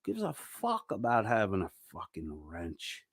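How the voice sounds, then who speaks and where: A man's voice: on the low side, wildly swooping pitch, normal speed, breathy edge, no echo, clean studio sound. A man hosting a reaction commentary, ranting angrily and mocking with heavy swearing. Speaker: commentary channel host.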